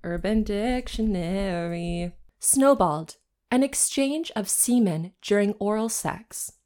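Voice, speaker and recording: A woman's voice: medium pitch, lively intonation, slow pace, darkish tone. A woman co-hosting a comedy podcast who chats casually and reads a raunchy story aloud. She giggles often, stumbles over words and mocks herself. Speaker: podcast co-host.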